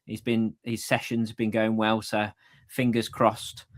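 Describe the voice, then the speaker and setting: Relaxed man, easygoing podcast talk. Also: fairly low pitch, measured pace. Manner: relaxed, hesitant, repeats himself. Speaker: podcast co-host. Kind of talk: casual chat.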